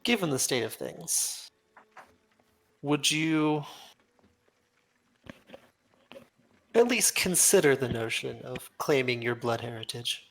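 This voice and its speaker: A man voicing a proud, composed noblewoman in a tabletop game, speaking in a measured, formal way. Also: mid-range voice, gravelly, fairly bright tone. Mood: probing. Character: poised, proud adult woman, a noble ally.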